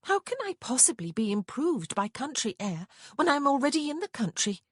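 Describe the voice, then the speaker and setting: A cross, moody young lady in a storybook reading, as a woman narrator puts her on, pitched a touch higher than the narrator's own voice. She snaps back with peevish, sniffing retorts, her tone breathy and close. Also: lively intonation, moderate pace, fairly bright tone, dry recording. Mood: sulky.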